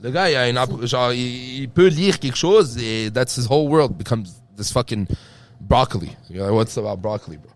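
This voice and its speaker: A man hosting a podcast, chatting casually, swearing a lot and saying "bro" constantly while telling animated stories. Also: mid-range voice, brisk. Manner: profane, says "bro" constantly, animated storytelling. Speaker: podcast host. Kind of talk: casual chat.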